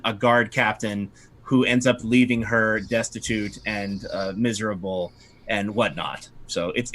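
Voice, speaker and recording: Bright-voiced man running a game. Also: on the low side. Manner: loose, rambling, many fillers. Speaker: game master. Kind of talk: narrating a tabletop game.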